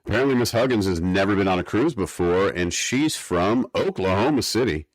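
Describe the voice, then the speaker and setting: Man, very low voice, dry close sound, wry co-host, casual chat. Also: lively intonation, fairly quick, no echo. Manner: wry, mock-academic rants. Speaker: podcast co-host. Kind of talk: casual chat recapping an episode.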